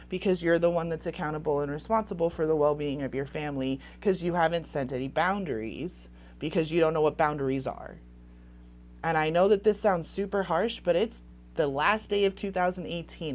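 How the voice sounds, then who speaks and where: A woman's voice: mid-range voice, muffled recording. Blunt, impassioned woman parenting coach. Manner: blunt and impassioned, swearing, repeating phrases for emphasis. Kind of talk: direct-to-camera talk.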